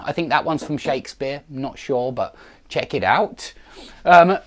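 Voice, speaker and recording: A man's voice: medium pitch, measured pace. A middle-aged man teaching an online grammar lesson, chatty and digressive, with self-deprecating asides. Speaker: English teacher.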